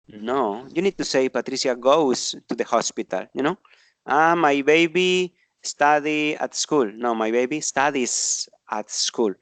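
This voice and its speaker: A man's voice: mid-range voice, no echo. A man teaching an online English grammar class, explaining patiently and often checking in with tag questions.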